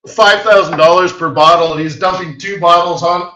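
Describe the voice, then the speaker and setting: A man hosts a live webinar, with a bright, forceful voice pitched somewhat high. He tells anecdotes in an animated way, laughing often and putting on voices for the people he quotes. The sound is echoey and a little muffled. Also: moderate pace. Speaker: market strategist hosting a trading webinar.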